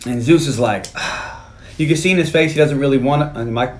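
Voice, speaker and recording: A man hosting a casual movie podcast, retelling scenes with lively bursts of character voices. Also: medium pitch, roomy sound. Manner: animated retelling with quick impressions of characters. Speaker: podcast host.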